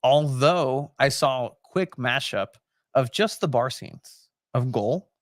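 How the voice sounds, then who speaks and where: A man's voice: medium pitch, slow pace, no room sound, clean studio sound. A man co-hosting a podcast in a casual, rambling chat, laughing often and acting out film scenes. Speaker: podcast co-host.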